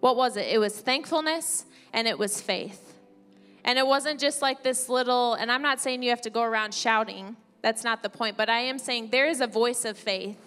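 A woman pastor gives a conversational sermon and reads scripture aloud between her points. Her voice sits a little high, with a long church-hall reverb. Faint music plays underneath. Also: normal speed, fairly bright tone, clear, resonant tone. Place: church sanctuary.

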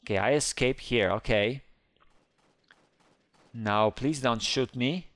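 Guy yelling and squealing over a video game, unhurried between panics, clean dry sound. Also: no room sound. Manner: squeals high when panicked, playful kid-friendly banter. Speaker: gaming YouTuber. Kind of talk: excited game commentary.

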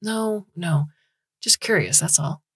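A woman's voice: lowish voice, slow, a bit bright, husky, dry recording, studio quality, exaggerated voice. A woman voicing a polite, hesitant young man in an audiobook reading. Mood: curious.

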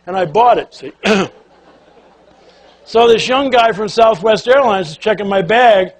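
Older male speaker, high-pitched, folksy and lively, acts out the characters in his stories. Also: measured pace. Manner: animated, folksy, acts out quotes and quacking sounds. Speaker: keynote speaker. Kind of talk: storytelling speech to an audience.

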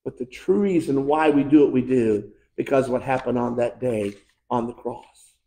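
An American pastor preaching a fervent sermon, swinging between shouted climaxes and hushed, quiet lines. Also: male voice, mid-range voice, moderate pace. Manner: impassioned preaching, building to shouts and dropping to hushed tones. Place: church sanctuary. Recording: echoey church room.

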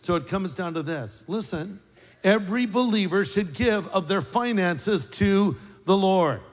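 An older man preaching a sermon as pastor, an animated storyteller with wry, sarcastic asides. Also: sits high, moderate pace, big-room sound.

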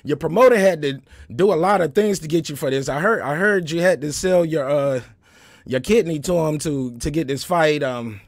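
A man's voice: fairly high pitch, moderate pace, dry recording, clean studio sound, close to an everyday voice. A man imitating a needling older male ringside boxing interviewer who asks blunt, provoking questions.

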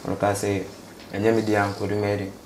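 A young man from Ghana gives a casual interview in a low, flat voice. He speaks haltingly and repeats himself, mixing English with local words. The recording has an echo and faint background noise. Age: young adult.

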